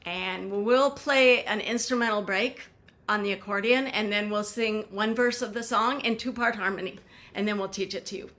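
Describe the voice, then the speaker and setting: A woman's voice: medium pitch, moderate pace. A woman song leader teaching a folk song, explaining pronunciation step by step in an upbeat way.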